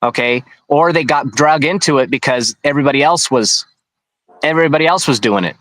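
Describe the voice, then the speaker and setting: A man's voice: mid-range voice, brisk, a bit bright, no echo, rough recording. A man being interviewed, recounting events in a rambling, conversational way with frequent restarts. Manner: rambling, with many restarts and asides. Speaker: interview guest.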